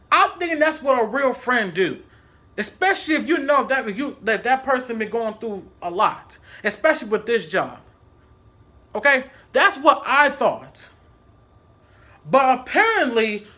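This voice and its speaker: A man telling a story in a casual, animated, profane vlog style. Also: extremely high pitch. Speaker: vlogger.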